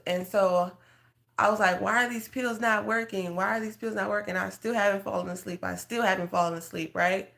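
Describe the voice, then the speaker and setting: A woman's voice: mid-range voice, a bit bright. A woman, a faith coach, telling an emotional personal testimony in an earnest, conversational way and talking straight to her listeners. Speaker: prophetic guidance coach.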